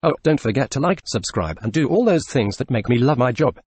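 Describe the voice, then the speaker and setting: A male text-to-speech robot voice reading forum questions and answers in an even, synthetic way. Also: medium pitch, brisk, breathy edge, no echo. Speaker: video narrator. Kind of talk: reading forum posts aloud.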